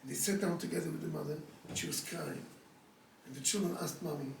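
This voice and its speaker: A man's voice: fairly high pitch, a little fast, slight background noise. A man, a rabbi, telling a story in a sermon in an earnest, pleading way and repeating his points to drive them home. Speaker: rabbi giving a talk. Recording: echoey room, speaker far from the mic.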